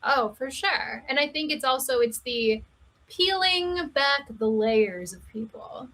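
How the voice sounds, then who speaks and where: Woman podcast guest, high-pitched, candid and animated, casual chat. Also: takes it slowly. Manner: candid, laughing, animated storytelling. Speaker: guest, cam performer.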